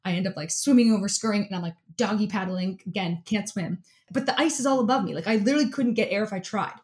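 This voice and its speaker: An animated woman tells a story as an interview guest. She talks casually, leans on "like" again and again, and breaks into laughter as she goes. Her voice sits at a middle pitch for a woman. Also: fast. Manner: animated, fills speech with "like", laughs often. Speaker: interview guest, athlete and keynote speaker.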